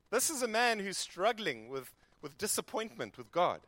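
Pastor, man, high voice, animated sermon delivery, dry recording. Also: moderate pace, no room sound. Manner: animated preaching, acting out quoted prayers. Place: church.

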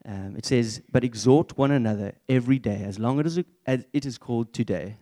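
A man's voice: medium pitch, a little fast, dark tone. A young man preaching a candid, conversational sermon in church.

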